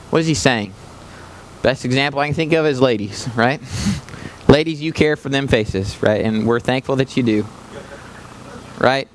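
A man's voice: medium pitch, moderate pace, long pauses, a little hiss or hum. A man preaching a sermon as a visiting missionary, passionate and emphatic, speaking straight to the congregation in a church. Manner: passionate, rising to emphatic peaks, addresses congregation directly.

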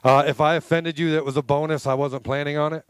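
A man's voice: a little high, steady tone, fast talker, clean tone, no room sound. A man preaching a sermon to a congregation, emphatic and conversational, calling out for responses. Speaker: pastor.

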